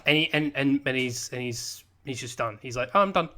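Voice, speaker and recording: A man co-hosting a podcast, halting and repeating words, in mock outrage. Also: medium pitch, steady tone, bright, forceful tone. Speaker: podcast co-host. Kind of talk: casual chat.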